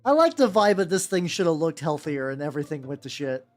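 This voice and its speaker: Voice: mid-range voice, very animated, fast talker, faint music behind. A VTuber streamer chatting casually while painting miniatures, rambling and joking, with lots of "like"s and restarts. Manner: rambling, many "like"s and restarts, jokey.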